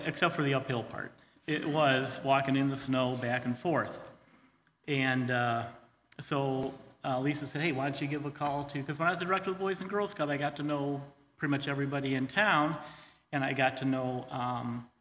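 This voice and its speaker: At a church hall, a middle-aged guest speaker shares his personal testimony in a mid-range, fairly bright voice with fairly even intonation, earnest and halting, full of fillers and restarts, and he says he gets choked up. There's long hall reverb, faint ambience and slight background noise.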